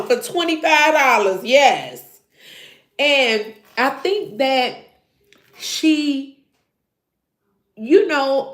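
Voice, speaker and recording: A woman's voice: high voice, reverberant. A woman hosting a casual recap show, talking animatedly to her viewers and acting out what people said. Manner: animated, acts out quotes, talks to viewers. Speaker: show reviewer host.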